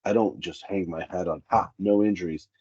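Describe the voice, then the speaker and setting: A man's voice: low-pitched, fairly quick, breathy edge, dry recording, muffled recording. A man in a candid interview, a safety specialist who tells workplace stories and acts out the dialogue. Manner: animated, acts out quoted dialogue.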